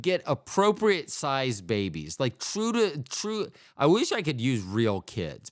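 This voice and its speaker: Lively, rambling male podcast host. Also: medium pitch, smooth, no room sound, clean studio sound. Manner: rambling, digressive, profane. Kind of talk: casual solo monologue.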